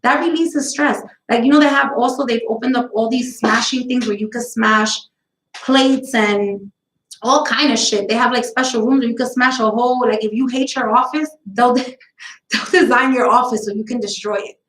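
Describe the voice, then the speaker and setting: A woman's voice: a little high, moderate pace, a bit bright, reverberant, poor audio. A woman, chatting casually on her own live show, blunt, profane, rambling from story to story. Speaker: host of a live talk stream. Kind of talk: casual chat.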